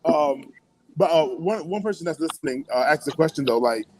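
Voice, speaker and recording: A man hosting a casual morning radio show, telling stories in an animated way with frequent laughs. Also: on the high side, moderate pace, rough recording. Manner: animated storytelling, laughs and whoops often.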